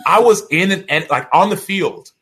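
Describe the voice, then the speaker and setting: Casting note: man in his thirties, bright, forward tone, lively podcast guest who acts out the voices in his stories. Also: high-pitched, normal speed, slight background noise. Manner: animated storyteller, acts out quotes, frequent "right?". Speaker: guest author. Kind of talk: podcast interview storytelling.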